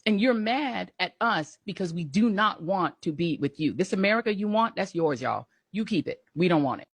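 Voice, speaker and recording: A woman's voice: on the low side, animated, normal speed, slightly rough, no echo. A woman giving an impassioned political rant, emphatic and repetitive, with a mocking edge. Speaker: political commentator.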